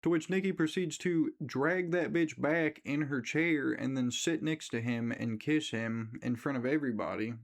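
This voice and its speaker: A man recapping a movie in a loose, casual rant. He tells the story with animated energy and plenty of swearing. His voice sits at an ordinary middle pitch for a man. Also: normal speed, few pauses. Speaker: movie reviewer.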